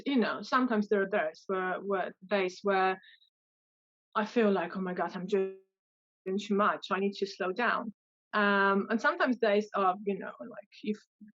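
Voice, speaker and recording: Woman dog trainer, dull lo-fi sound. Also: mid-range voice. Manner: hesitant, many fillers and restarts. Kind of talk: interview answers.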